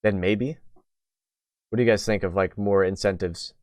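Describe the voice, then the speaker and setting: A young man chats on a gaming podcast in a loose, rambling way, padding his thoughts with fillers and restarts. His voice sits a little low and sounds smooth and clean. The close mic gives a dry sound with no room in it. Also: steady tone, moderate pace, darkish tone, no room sound. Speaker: podcast host. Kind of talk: casual podcast chat.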